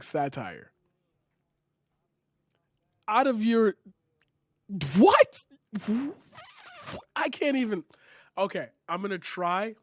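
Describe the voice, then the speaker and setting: Incredulous young man with a high, dry voice. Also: no echo. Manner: incredulous, sarcastic, profane, lots of "like" and "bro". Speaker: commentary streamer. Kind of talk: reaction commentary.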